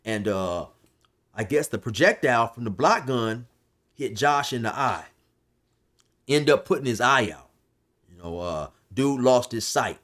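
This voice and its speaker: A man's voice: mid-range voice, expressive, unhurried, pauses often. A man casually telling a long prison story, rambling with restarts and fillers. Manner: loose, rambling, restarts, shouts when quoting others. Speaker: storyteller recounting prison life.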